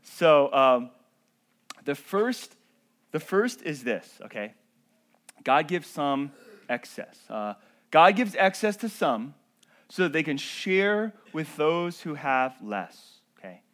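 A male pastor giving a sermon in a conversational way, checking in with the congregation with "okay?" and "right?", and building to emphatic, drawn-out peaks. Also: a little high, sing-song, a bit bright.

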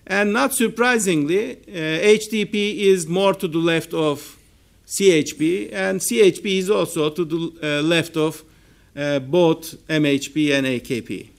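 Turkish-accented male researcher, slow deliberate seminar delivery, slightly higher voice, full of ums. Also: creaky. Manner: measured, hesitant with frequent fillers. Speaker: political science researcher. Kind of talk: academic seminar talk. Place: seminar room.

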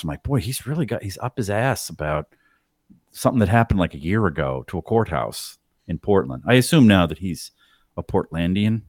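A man's voice: sits low, a little fast, no room sound, clean studio sound. A man in casual podcast chat, telling a story and mimicking the people in it. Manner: animated, does voices of people in his stories.

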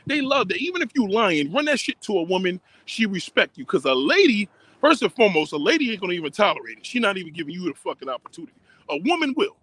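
Man, high voice, animated pitch, profane repetitive rant, phone livestream outdoors. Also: no room sound.

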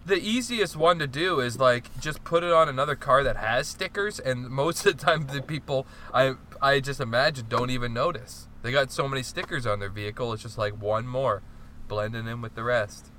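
A man's voice: medium pitch, normal speed, sharp tone, slight background noise. A young man telling a story in casual chat, rambling with lots of "like", laughing and swearing as he goes.

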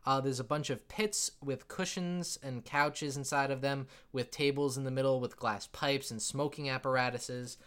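Bright-voiced rambling game master. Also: male voice, mid-range voice, steady tone, moderate pace, few pauses, smooth. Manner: rambling, filler-heavy, laughing often. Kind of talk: narrating a tabletop game.

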